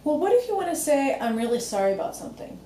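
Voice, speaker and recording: A woman's voice: sits high, sing-song, fast talker, dark tone, reverberant, a little hiss or hum. A woman co-hosting a language lesson, guiding it with prompting questions. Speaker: co-host asking questions. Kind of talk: lesson interview.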